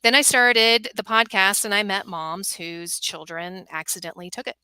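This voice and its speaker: A middle-aged woman who hosts a podcast and runs workshops for moms, speaking as a guest in an earnest, animated way. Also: mid-range voice, normal speed, clear, resonant tone, no echo. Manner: earnest, animated storytelling with acted quotes. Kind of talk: guest on a talk show.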